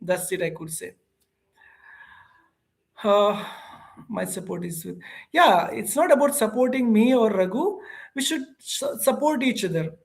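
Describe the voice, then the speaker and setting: An English teacher with an Indian accent hosts a relaxed live stream and chats directly with viewers. The voice sits in a middle pitch, and the delivery is animated and conversational, with frequent pauses and "uh" fillers. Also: gravelly. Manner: chatty and animated, reads and answers viewer comments, frequent "uh" fillers.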